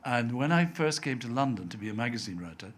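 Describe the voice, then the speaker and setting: Older man with a softened Scottish accent. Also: medium pitch, big pitch swings, fast. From Scotland. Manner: chatty storyteller, acts out quoted voices, laughs often. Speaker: interview guest, TV writer. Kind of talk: anecdotal live interview.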